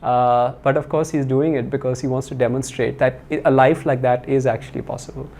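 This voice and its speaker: A man's voice: medium pitch, steady tone, brisk, a little mellow. A man giving a spiritual talk, telling stories in a conversational way with many fillers and restarts.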